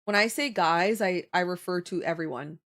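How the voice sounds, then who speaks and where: A young adult woman, chatting casually with her live viewers. She talks in an animated way, laughs often and answers viewer comments as they come in. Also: fairly low pitch, normal speed. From Canada. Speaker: livestreamer.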